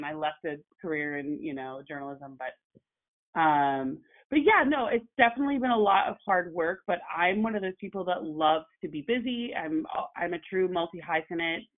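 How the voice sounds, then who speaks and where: A woman, an actress and journalist, telling her story as a guest in a casual conversation, animated and full of fillers. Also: fairly low pitch, moderate pace. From Oklahoma. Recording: phone-like narrow sound.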